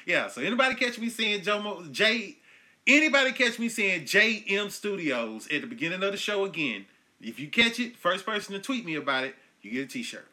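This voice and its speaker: Bright-voiced ranting man in his thirties. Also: big pitch swings, moderate pace. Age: 30s. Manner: loud, ranting, swings from low mutters to yelling. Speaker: podcast host. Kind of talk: profane comedic monologue.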